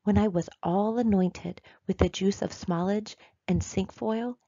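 A woman's voice: mid-range voice, steady tone, measured pace, dark tone, dry recording, highs cut off. A woman reading aloud, voicing a sly, cackling old witch who poses as pious.

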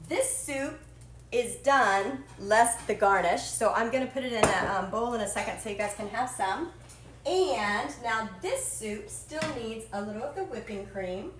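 A woman with a fairly high voice chats bubbly and unscripted as she cooks live for her viewers. Her voice rings in an echoey home kitchen, with faint clatter behind her. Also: slight background noise. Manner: chatty, self-deprecating, bubbly. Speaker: cooking show host. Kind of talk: live cooking stream chat.

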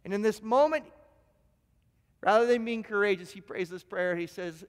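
A man preaching a sermon as pastor, telling stories in an animated, self-deprecating way with frequent restarts. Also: sits high, moderate pace, pauses often, clean tone. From Ontario, Canada. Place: church sanctuary. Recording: long church hall reverb.

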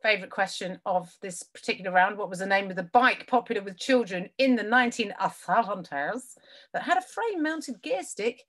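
Brief: woman, mid-pitched, dry and bickering co-host on a video call. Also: animated, moderate pace, fairly bright tone. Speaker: quiz co-host. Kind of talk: casual comic banter.

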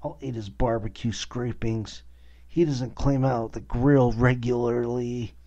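A man voicing a smug male rat that slowly sneers and taunts. The recording is a dull, lo-fi podcast track. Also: medium pitch, fairly even intonation, dark tone, pitched above the performer's own voice, close to an everyday voice. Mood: mocking.

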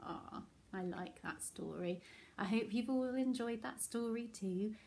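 A woman teacher reading a bedtime picture book to her class in a gentle, soothing way. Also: fairly high pitch, measured pace, vocal fry, a little hiss or hum. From England.

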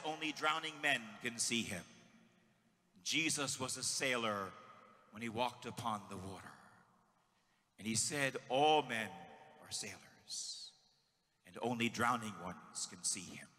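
A middle-aged male priest preaching a sermon, swinging from shouts to hushed words as he tells stories. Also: mid-range voice, measured pace, pauses often. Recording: long hall reverb.

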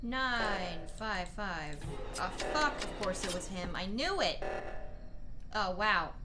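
A woman's voice: medium pitch, lively intonation, slow, music in the background. A woman streaming a party game online, swearing and ranting in exasperated outbursts. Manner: profane, exasperated ranting, shouting and laughing in outbursts. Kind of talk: casual gaming chat.

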